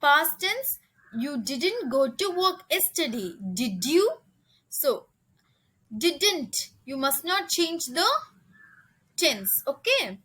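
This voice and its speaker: A woman teacher with an Indian English accent, explaining a grammar lesson slowly and checking with "okay" as she goes. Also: high voice, big pitch swings, fairly bright tone, low-quality recording. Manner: repeats "okay" often, slow deliberate explanations.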